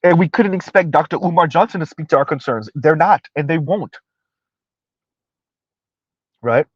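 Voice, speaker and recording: A man's voice: a little high, expressive, normal speed, husky, dry recording. A man under forty giving casual live-stream commentary, emphatic and repetitive, ranting and laughing often. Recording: dry, slightly dull lo-fi sound.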